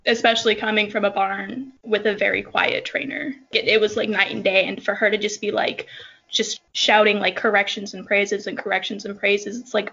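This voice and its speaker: A woman who calls herself soft-spoken and timid, chatting in a casual podcast conversation as a horse-riding guest, with many fillers. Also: mid-range voice, flat delivery, moderate pace, vocal fry, breathy edge, muffled recording.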